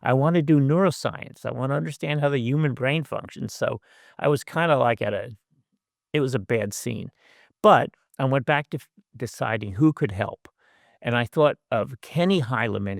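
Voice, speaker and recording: A man's voice: fairly low pitch, gravelly, dry recording, studio quality. An older man and professor giving a conversational lecture over a video call, with wry asides and frequent fillers. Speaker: guest speaker, professor.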